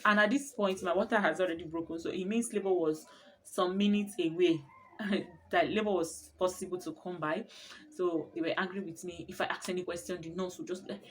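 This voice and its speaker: A young woman telling her birth story in a casual vlog, expressive and often laughing as she talks. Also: fairly low pitch, a little fast, slight background noise.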